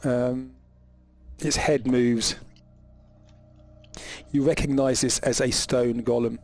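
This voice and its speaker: A man narrating as game master, often halting with restarts and ums. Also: mid-range voice, flat delivery, a little mellow.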